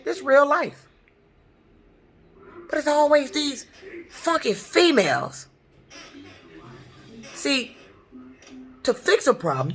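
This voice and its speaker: Middle-aged woman, bright tense voice, heated profane vlog rant. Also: mid-range voice. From Detroit, US. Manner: heated, profane, repetitive ranting. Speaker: truck driver. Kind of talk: angry ranting vlog.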